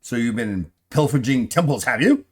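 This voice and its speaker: A man's voice: medium pitch, animated, normal speed, breathy edge. A man voicing a short, sly, suspicious male shopkeeper who pries at customers and boasts about his prices. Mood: prying. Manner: wheedling, prying and boastful. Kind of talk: voicing a character in a tabletop game.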